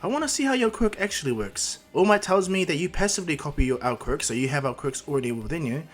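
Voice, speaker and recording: A man's voice: fairly high pitch, animated, soft background music. A man voicing a polite, clever school principal who reasons things out. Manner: polite, measured, knowing.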